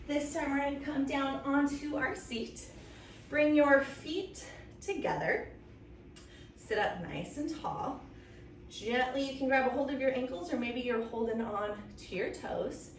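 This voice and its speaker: A high-voiced woman leads a children's yoga story time, playful and coaxing, with silly animal and train noises between her gentle cues. She sounds a little far from the mic in a roomy space with a faint hiss behind her. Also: unhurried. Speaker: kids yoga teacher.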